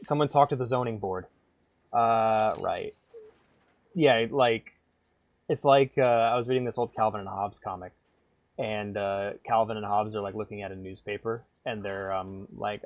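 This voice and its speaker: A man's voice: lowish voice, steady tone, normal speed, no echo. A man streaming a game, chatting casually in a rambling, irreverent way and swearing freely. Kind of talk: casual gameplay chat.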